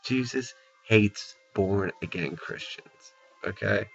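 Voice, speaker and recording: Lower-voiced man ranting bluntly, lo-fi sound. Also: unhurried, long pauses, soft background music. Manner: blunt, profane, repeats "okay?" and "you know". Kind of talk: angry opinion rant to camera. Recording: dull lo-fi recording.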